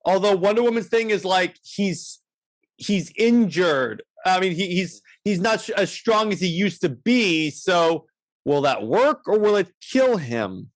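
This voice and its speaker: A man's voice: high voice, animated, a little slow. A man co-hosting a podcast, casually recapping a comic with many restarts and acted-out quotes. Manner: rambling, many restarts, acts out lines. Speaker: podcast co-host.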